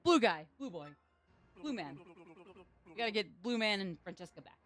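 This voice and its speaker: A woman's voice: medium pitch, very animated, normal speed, a bit bright, faint music behind. A sleep-deprived young woman streaming a game, chatting casually in a rambling, self-deprecating way. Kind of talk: casual live-stream chat.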